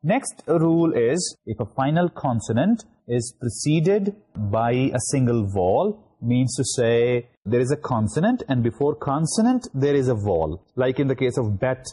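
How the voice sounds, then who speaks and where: A man's voice: medium pitch, big pitch swings, a little slow, few pauses, mellow, husky. A middle-aged man from Pakistan with a Pakistani English accent, giving a recorded university lecture and spelling words out letter by letter, with many fillers.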